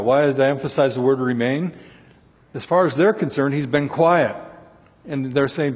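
A man's voice: medium pitch, normal speed, slightly rough. A male preacher giving an earnest sermon, voicing scripture laments with rising intensity. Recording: long hall reverb.

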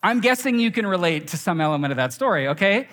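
A young man preaching in a big hall, his voice ringing out with a long echo. He talks in a lively, swooping way, slightly high for a man, and acts out the people in his stories. It sounds like a sermon told as a story. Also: fast talker. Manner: animated storytelling with acted quotes. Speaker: pastor. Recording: reverberant hall.

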